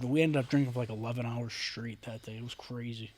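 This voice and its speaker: A man co-hosting a podcast, chatting casually and telling stories in an animated, profane way. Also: medium pitch, fast talker. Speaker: podcast co-host. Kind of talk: casual chat.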